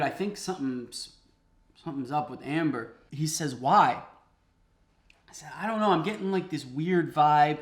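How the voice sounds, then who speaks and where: A man with a bright, slightly high voice tells a funny personal story while he cooks. He talks in a lively, chatty way and laughs often. He sounds like he is in a home kitchen. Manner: animated, laughing, conversational. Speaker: host. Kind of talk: comic storytelling while cooking.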